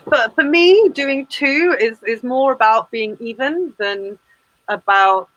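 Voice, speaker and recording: A woman's voice: fairly high pitch, slow pace, a bit bright, no room sound, low-quality recording. A woman performance artist chatting as an interview guest, with lots of fillers and restarts. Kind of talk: casual interview chat.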